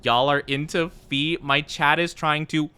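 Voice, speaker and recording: A man's voice: fairly high pitch, fairly even intonation, measured pace, sharp tone, a little hiss or hum. A man streaming as a VTuber, chatting playfully with his viewers and laughing easily. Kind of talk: casual live-stream chat with viewers.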